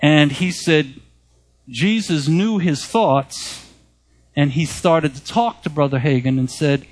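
A man preaching and retelling an account to his listeners, with a voice that sits a touch higher than most men's. He tells it in an animated storytelling way and lifts his voice whenever he quotes someone. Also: measured pace. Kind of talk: sermon retelling a written account.

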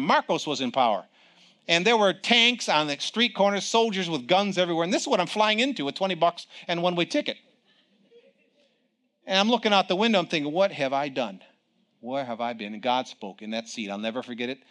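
A man in his sixties preaching a sermon, telling a personal story in a folksy, expressive way and swinging from loud emphatic lines to hushed ones. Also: a little high.

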